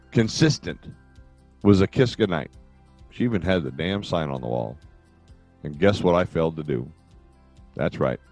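With a lowish voice and no echo, an older podcast host rambles and jokes through a casual relationship-advice monologue, wandering off topic again and again.

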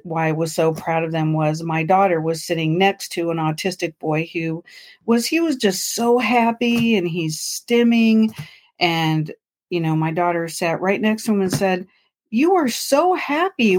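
A woman with a somewhat low voice co-hosts a casual podcast chat. She tells her stories with bright enthusiasm and animated energy, laughing easily. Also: normal speed. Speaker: podcast co-host.

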